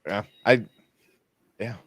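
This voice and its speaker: A man's voice: takes it slowly, a bit bright, no echo. A man hosting a casual film podcast, rambling with many fillers and frequent laughs. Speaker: podcast host. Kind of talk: casual chat.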